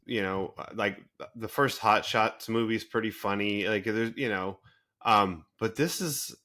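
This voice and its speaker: A man co-hosting a podcast, talking in a casual, animated way with many fillers. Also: lowish voice, measured pace. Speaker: podcast co-host. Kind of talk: casual chat.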